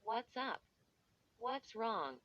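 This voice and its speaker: A flustered boy stammers out denials, read by a woman narrator. His lines come slowly. The recording has a dull, lo-fi sound. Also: fairly high pitch, big pitch swings, fairly bright tone, full character voice. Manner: flustered, defensive. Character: nervous boy, the accused younger brother.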